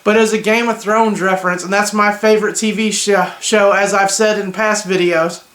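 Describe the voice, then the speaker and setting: A man's voice: sits high, steady tone, normal speed, a bit bright, roomy sound. A young man giving opinionated, joking reactions in a casual, slangy vlog. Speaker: vlogger.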